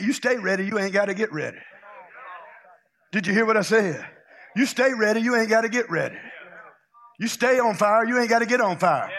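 Preaching with loud exuberance, a man from Louisiana fills his charismatic sermon with folksy tales and shouts of praise. His voice is high-pitched and gravelly.

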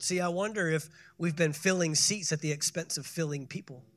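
A pastor preaching a sermon, building to loud emphatic peaks and calling for the congregation to respond. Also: male voice, fairly high pitch, fairly quick, soft background music. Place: church sanctuary.

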